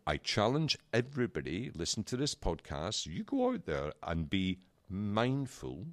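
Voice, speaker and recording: Very deep-voiced man telling a story. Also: a little slow, dry recording. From United Kingdom. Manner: animated, acts out quoted voices. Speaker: podcast co-host. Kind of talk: casual storytelling chat. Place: small room at a desk.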